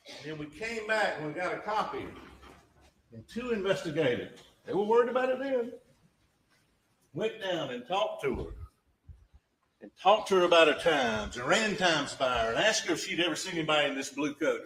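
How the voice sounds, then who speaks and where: A man's voice: a little high, big pitch swings, normal speed, a bit bright, rough recording. A man giving a closing argument as a prosecutor in a courtroom, emphatic and full of rhetorical questions that drive home each point.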